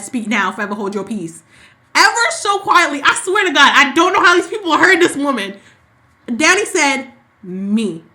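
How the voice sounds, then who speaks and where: A woman co-hosting a podcast, casually recapping a soap opera and acting out the characters' lines in quick, sassy asides. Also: a little high. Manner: animated storyteller who acts out characters' lines. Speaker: podcast co-host.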